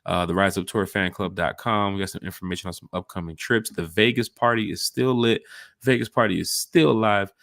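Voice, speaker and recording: Male podcast host, gravelly and low-set, animated hype talk. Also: fairly quick, no echo, studio quality. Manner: animated, jumps between hype and asides. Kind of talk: casual sports podcast chat.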